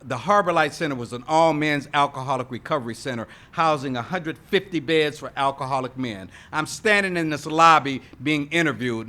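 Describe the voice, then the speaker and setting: Guy sharing his story at an aa meeting, bright forceful voice, keeps saying y'all and right. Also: on the high side. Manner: lively storyteller addressing the room with "y'all" and "right?"; emphatic, rising to loud punches. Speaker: AA meeting speaker. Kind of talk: recovery testimony to a live audience. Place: meeting hall with live audience.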